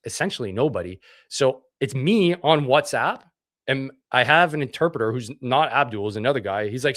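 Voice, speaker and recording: A Canadian military veteran being interviewed speaks in a medium-pitched, expressive, fairly bright voice, a little fast, in a dry, studio-quality recording. He tells his story bluntly and profanely, swearing and acting out dialogue.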